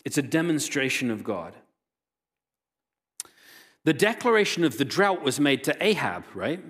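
A male pastor preaching a sermon, reading scripture aloud and retelling the story with lively voiced quotes. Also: on the high side, measured pace. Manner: animated storytelling, voicing quoted characters.

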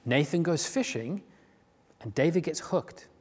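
A man preaching a sermon in a conversational, animated way, often restarting his sentences as he retells a story. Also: on the high side, unhurried, husky. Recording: long hall reverb.

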